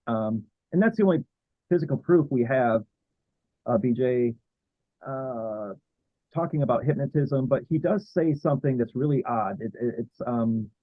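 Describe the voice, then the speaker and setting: Man, interview guest, halting with fillers, tinny phone-like sound, dry. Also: mid-range voice, expressive, no room sound. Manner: halting, many fillers and restarts. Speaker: guest historian. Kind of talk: casual interview.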